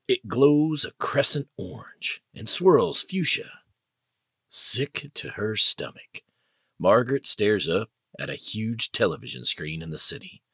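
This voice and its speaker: A man narrating an audiobook in a dramatic, expressive way. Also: lowish voice, measured pace, husky, no echo, studio quality. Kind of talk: scripted narration.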